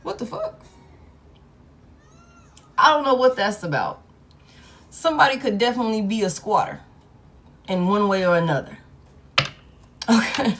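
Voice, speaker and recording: Woman reading tarot live, cussing a lot, mid pitch, gets loud then mutters. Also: lively intonation, moderate pace, long pauses. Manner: blunt, profane and emphatic; swings between loud hype and low muttering. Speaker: tarot reader.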